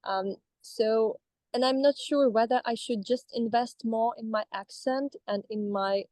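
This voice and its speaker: A woman's voice: fairly high pitch, unhurried, a little mellow, dry recording, poor audio. A woman in her thirties from Russia, speaking English with a Russian accent, hesitant with many restarts, in a coaching session. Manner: hesitant, with frequent restarts and fillers. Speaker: coaching client.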